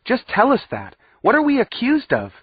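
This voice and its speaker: A defiant teenage girl in an audiobook, yelling at a judge in a shrill, high, indignant voice, as a male narrator puts her on. The tone is husky and the audio is dry and a little muffled. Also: animated, slow pace, no echo, full character voice.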